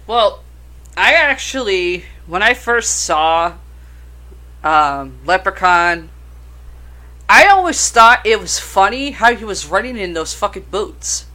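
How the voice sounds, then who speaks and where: A woman's voice: medium pitch, lively intonation, slow pace, bright, forceful tone. A woman co-hosting a casual chat about horror films, rambling and swearing freely. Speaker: podcast co-host.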